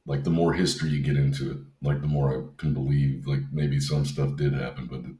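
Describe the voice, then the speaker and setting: Super deep voiced dude cohosting a podcast, chill, laughs a lot, echoey room. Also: male voice, level tone, brisk, dark tone. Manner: easygoing, laughs often, swears casually. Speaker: podcast co-host. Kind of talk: casual podcast chat.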